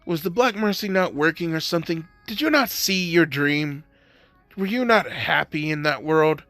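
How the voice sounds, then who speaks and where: A man's voice: on the high side, animated, normal speed, bright, forceful tone, no echo, faint music behind. A man voicing an arrogant adult male villain who talks himself into winning. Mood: smug. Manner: rambling, self-convincing.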